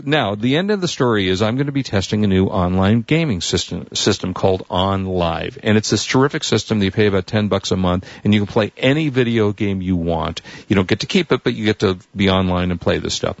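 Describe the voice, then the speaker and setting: Gravelly low-voiced man telling a long story. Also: expressive, a little fast, dry recording. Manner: rambling storyteller, acts out quoted people. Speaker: tech news host. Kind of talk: casual chat, long anecdote. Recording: dull lo-fi dry sound.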